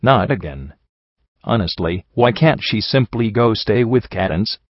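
A man's voice: lowish voice, expressive, measured pace, no room sound, dull audio. A man voicing a two-faced female pony courtier who soothes with a forced sweetness. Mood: smooth.

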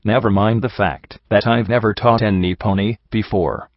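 A prim, proper young mare cellist, fussy and formal in every phrase, as a man reading the story puts her on. Her voice sits low and a touch deeper than the narration. The sound is dull and dry, as if from a home setup. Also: steady tone, moderate pace, no echo, natural voice. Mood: polite refusal.

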